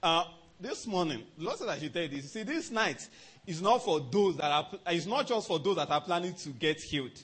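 A pastor preaches in a high, lively voice that leaps up and down. His tone is bright with a husky edge, and he chuckles often as he drives his points home. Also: a little fast. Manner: animated preaching, often chuckling, repeats "let me tell you". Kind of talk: sermon.

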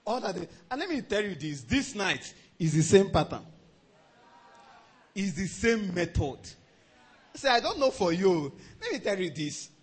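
A man preaching a sermon as a pastor, animated, often chuckling and repeating himself for emphasis. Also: high voice, a little slow, breathy edge.

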